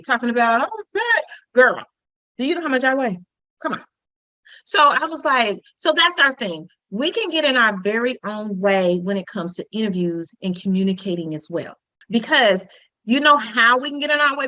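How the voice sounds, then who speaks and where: A woman's voice: fairly high pitch, bright, forceful tone, no room sound, poor audio. Chatty, joking woman workshop instructor. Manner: chatty, humorous, conversational teaching with asides. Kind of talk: online communication workshop.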